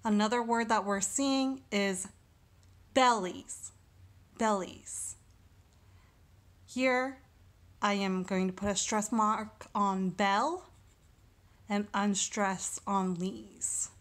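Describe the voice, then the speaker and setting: A woman teaching a recorded lesson, speaking slowly and deliberately and sounding out syllables one by one. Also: mid-range voice, steady tone.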